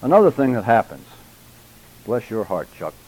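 An older man teaching a church public speaking class, deliberate and emphatic, addressing his students directly. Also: fairly low pitch, very animated, darkish tone, breathy edge, poor audio.

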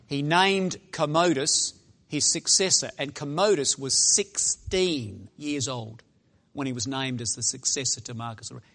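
A middle-aged man preaching to young people in a dramatic storytelling style, swinging from loud exclaiming to hushed asides. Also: mid-range voice, normal speed.

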